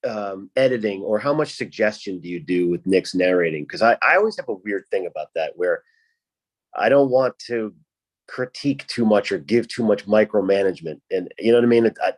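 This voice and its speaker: A man's voice: on the low side, animated, brisk. A man from Rhode Island hosting a podcast, chatty and laughing often. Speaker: podcast host. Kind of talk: casual chat.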